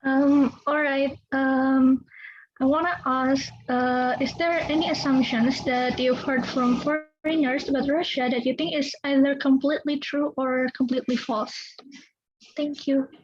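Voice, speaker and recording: A teenage girl, asking a question in a hesitant, soft way. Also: high voice, fairly even intonation, a little slow, highs cut off. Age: teens. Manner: hesitant, softly spoken.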